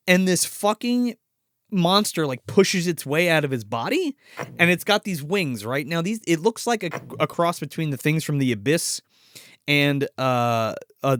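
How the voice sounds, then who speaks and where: Excited profane man retelling a movie. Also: on the high side, normal speed, no echo, clean studio sound. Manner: excited, profane, retelling scenes with put-on voices. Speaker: podcast co-host. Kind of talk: casual movie review chat.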